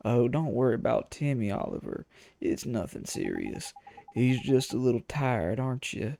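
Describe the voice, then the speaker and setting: A man's voice: medium pitch, big pitch swings, moderate pace, creaky, mellow, slight background noise, pitched below the performer's own voice. Man doing a doting old lady, all dearie. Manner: fussy, motherly, calls people dearie. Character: doting older woman, a cat-loving shopkeeper. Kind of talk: game dialogue read-aloud.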